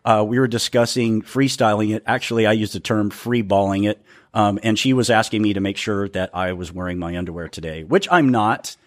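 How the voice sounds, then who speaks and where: A man's voice: lowish voice, fairly quick. A man hosting a casual podcast, rambling and stammering, often laughing at himself. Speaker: podcast host.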